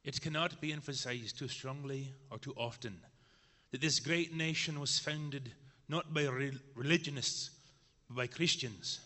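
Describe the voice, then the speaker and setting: A man with an Irish accent reading a quotation aloud, measured and solemn. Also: mid-range voice, bright, forceful tone. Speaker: scripture reader. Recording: long hall reverb.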